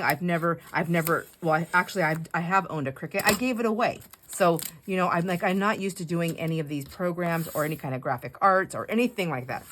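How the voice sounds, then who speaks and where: A woman's voice: lowish voice, a little hiss or hum. A middle-aged woman hosting a crafting video, chatting casually in a rambling, self-deprecating way and laughing often. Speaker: crafting channel host. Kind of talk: casual chat while crafting.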